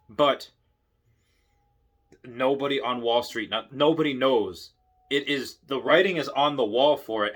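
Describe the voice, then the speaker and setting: A man giving a casual, rambling monologue, excitable, with many restarts. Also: medium pitch. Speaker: investing vlogger.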